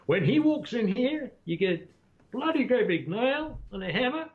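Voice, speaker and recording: A man's voice: very high voice, big pitch swings, moderate pace, phone-quality sound, voice pushed up. A man putting on an American accent to voice an older male friend handing out blunt advice. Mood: teasing, emphatic. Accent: put-on American.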